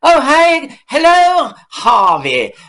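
A fawning, sing-song film director coos and pleads in a voice pitched far above normal speech, as a man puts him on. The coaxing goes up and down in big swoops. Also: wildly swooping pitch, extremely slow, a bit bright, heavily acted. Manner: high-pitched wheedling impression.

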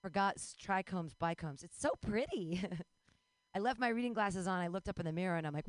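A woman's voice: mid-range voice, brisk, no room sound. A woman in her forties doing a rambling, bawdy stand-up comedy set, breaking into squeals and laughs. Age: 40s.

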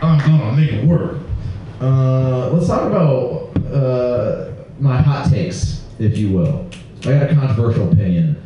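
A man doing a stand-up set at a small comedy venue, deadpan and self-mocking, slowing down for his punchlines. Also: mid-range voice. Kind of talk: open-mic stand-up set. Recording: roomy live recording from far off, dull sound.

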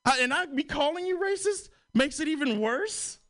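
A man doing a stand-up comedy set in a radio studio, animated and swearing freely, his voice climbing high when he gets worked up. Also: normal speed. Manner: animated, swearing, rising to a high-pitched exclaim. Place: radio studio hosting a live comedy show.

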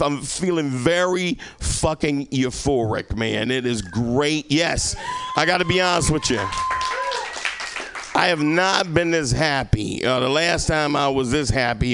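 Gravelly, animated stand-up comedian man. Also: mid-range voice. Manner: profane, rambling, teasing the audience. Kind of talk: stand-up set with crowd work.

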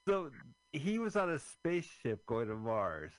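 A man's voice: mid-range voice, sing-song, unhurried, dry recording, low-quality recording. A man hosting a radio show, giving joking, wry running commentary on a movie with some swearing, in a casual chat style.

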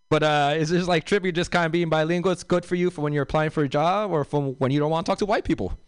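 Young LA comic, loose and rambling stand-up, smooth voice a touch high, dry close sound. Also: male voice, fast, no room sound. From South Central Los Angeles. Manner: loose, rambling delivery with many fillers and asides. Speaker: stand-up comedian. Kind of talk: stand-up comedy set.

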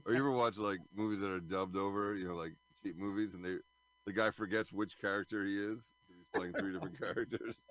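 A man's voice: lowish voice, fast talker, a bit bright. A man co-hosting a casual podcast, making jokes and teasing his co-hosts. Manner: joking, teasing banter. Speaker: podcast co-host. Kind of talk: casual chat.

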